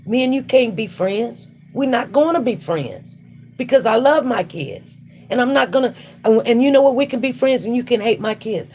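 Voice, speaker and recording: A woman's voice: medium pitch, a little mellow, slight background noise. A woman hosting a casual livestream, talking through her thoughts in an emphatic, repetitive way while she works. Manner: repetitive, emphatic, faith-centred musing. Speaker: livestream host. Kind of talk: casual spoken reflection while working.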